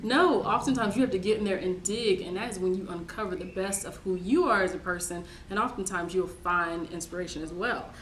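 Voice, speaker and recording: A woman chats away as a co-host. Her talk runs on and jumps into excited high exclamations. The room around her is roomy and echoing, with a faint hiss underneath. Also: brisk, few pauses. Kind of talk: casual chat.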